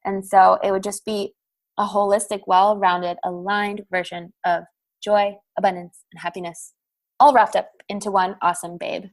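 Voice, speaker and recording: A woman's voice: mid-range voice, little pitch movement, moderate pace. A young woman guest on a podcast, upbeat and giggly in casual chat.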